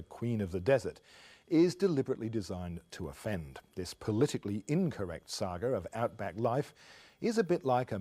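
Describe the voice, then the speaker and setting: A man, a film critic, reading a scripted review in a measured, dryly witty way. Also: on the low side, dark tone.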